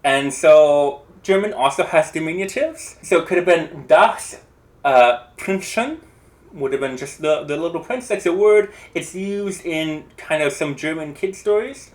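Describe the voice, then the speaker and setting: Animated, chatty language explainer. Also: mid-range voice, a little slow. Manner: thinks aloud, hedges and restarts, animated. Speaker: language video creator. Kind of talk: casual educational explainer.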